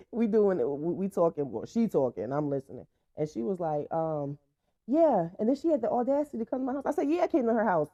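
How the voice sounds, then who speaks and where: Young female host, casual storytime, brash and cussing; warm low-bright voice, dry, slightly muffled recording. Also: dry recording. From Franklin, Virginia, USA. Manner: blunt, profane, laughing often. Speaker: podcast host. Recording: dull, dry lo-fi sound.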